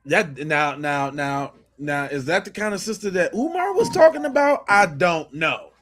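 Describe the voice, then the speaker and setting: A man's voice: a little high, very animated, normal speed, fairly bright tone. A man hosting a podcast, giving blunt, profane commentary on video clips and often repeating and restarting his phrases. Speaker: podcast host.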